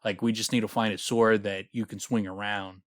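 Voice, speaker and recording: Man with a low voice, casual podcast chat, sarcastic, animated, dry close sound. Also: moderate pace, dry recording. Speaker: podcast co-host. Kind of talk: casual book discussion chat.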